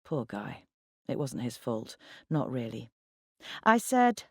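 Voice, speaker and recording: A man's voice: mid-range voice, big pitch swings, slow pace, a little mellow, no room sound, studio quality. A man reading a first-person novel aloud in a wry, conversational storytelling manner. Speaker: audiobook reader. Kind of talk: first-person literary narration.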